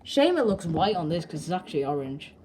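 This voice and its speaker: A young woman chats cheekily to her camera in a living room, her voice sitting a touch low. She rambles with plenty of ums and asides. The home recording is noisy, with clicks behind her voice. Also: very animated, brisk, darkish tone. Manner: chatty, rambling, cheeky, many fillers. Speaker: channel host. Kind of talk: casual live commentary. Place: indoor living room by a window. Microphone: handheld camera.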